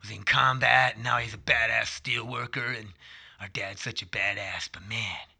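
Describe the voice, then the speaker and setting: A man in his thirties with a very bright, forward voice speaks in a loose, rambling monologue. He wanders off on tangents and swears casually as he goes. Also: lowish voice, steady tone, moderate pace, vocal fry, breathy edge. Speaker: vlogger.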